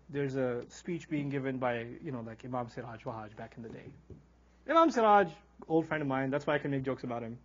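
Guy teaching quran with jokes, highish husky voice, acts out little characters, kinda muffled lo-fi recording. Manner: animated storyteller, acts out quoted characters. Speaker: Islamic teacher. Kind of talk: humorous Quran lecture.

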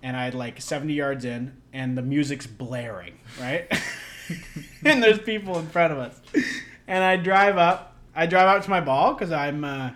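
A man's voice: on the high side, moderate pace, a bit bright. A young man co-hosting a podcast, telling a long story in a rambling, laughing way with lots of fillers. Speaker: podcast co-host. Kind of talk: casual storytelling chat.

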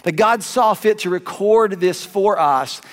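A man with a Southern US accent preaching a conversational, animated sermon as pastor, with quick asides and restarts. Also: sits high. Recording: long hall reverb.

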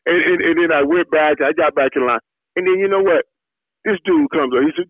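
A middle-aged man from Miami, a former football player, telling animated stories in an interview with repeated words when excited. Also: a little high, fairly quick, no room sound. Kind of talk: storytelling interview. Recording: tinny phone-like dry line.

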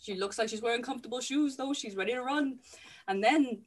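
A woman with a slightly high voice casually recaps a film for a podcast. She swears, laughs, and slips into quick character voices.

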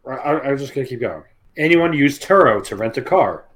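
A man's voice: mid-range voice, animated, fairly quick. Teasing man reading posts aloud. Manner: teasing, reads out posts in a mocking tone. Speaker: podcast co-host. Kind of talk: casual chat.

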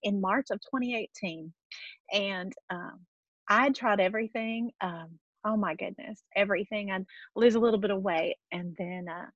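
A woman's voice: medium pitch, dry recording, highs cut off. Tearful woman telling her story on a call. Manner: tearful, halting, many ums. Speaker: guest sharing a weight-loss story. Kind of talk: emotional personal testimony on a video call. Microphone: video call.

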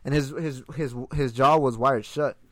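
A man's voice: mid-range voice, fairly even intonation, normal speed, no echo. A young man in casual chat, slangy and profane, calling everyone "bro" as he rants.

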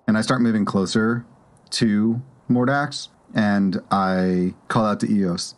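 A man playing a tabletop game, calmly speaking in character and describing his actions. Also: on the low side, takes it slowly. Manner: calm, in-character speech mixed with narration. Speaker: player. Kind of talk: tabletop role-play.

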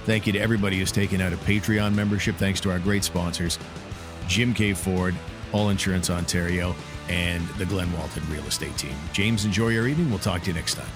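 A man's voice: deep voice, steady tone, a little fast, music in the background. A man hosting a casual sports podcast, talking in an easygoing way with many fillers. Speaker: podcast host.

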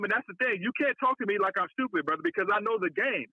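Guest caller, a high husky man, pushy and combative, lo-fi remote audio. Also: expressive, very fast, no echo. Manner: confrontational, repeatedly says "brother". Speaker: call-in guest challenger.

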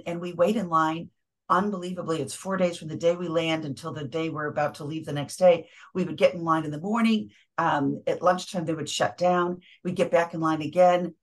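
A woman recounting a personal faith story as a podcast guest, earnest and reflective, with frequent ums. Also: low-pitched.

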